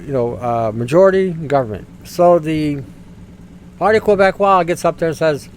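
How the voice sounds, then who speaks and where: A man rants on his podcast in a blunt, scornful, repetitive way. His voice sits fairly high for a man. Faint noise sits behind it. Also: normal speed, low-quality recording. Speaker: podcast host. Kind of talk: opinionated commentary rant.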